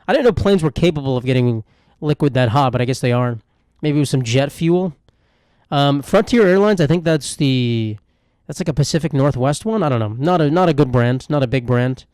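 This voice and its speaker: A young man at mid pitch rambles through a solo comedy podcast, irreverent and self-mocking, often drifting into muttered asides. The mic is close and dry, with no room sound. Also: animated, fairly quick, a little mellow, clean tone, no room sound. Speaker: podcast host.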